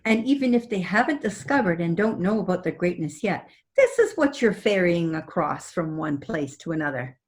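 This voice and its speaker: An older woman, a guest psychic on an interview show, telling personal stories in an expressive way and often laughing. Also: lowish voice, moderate pace, hardly any pauses. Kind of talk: animated storytelling in conversation.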